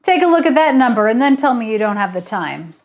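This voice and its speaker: A woman's voice: fairly high pitch, big pitch swings, fast talker. A woman reading aloud and voicing a pushy, boastful middle-aged male hotel owner who bellows orders. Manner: loud, bossy, bellowing. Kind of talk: audiobook character reading.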